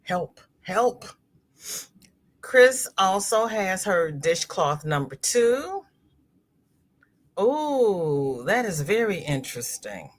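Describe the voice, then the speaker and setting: This crochet livestream host has a medium-pitched voice and speaks slowly. She's expressive, laughs a lot, and keeps things casual while reading out comments from her viewers.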